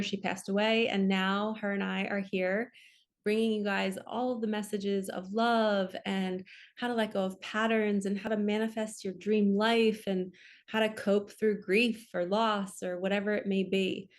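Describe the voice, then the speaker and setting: A woman, a spiritual coach talking earnestly and emotionally to her viewers in a casual monologue. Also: medium pitch. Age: 40s. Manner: earnest, emotional, many "oh my gosh" and "like" asides. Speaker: spiritual coach and channel host. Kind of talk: casual heartfelt monologue to camera.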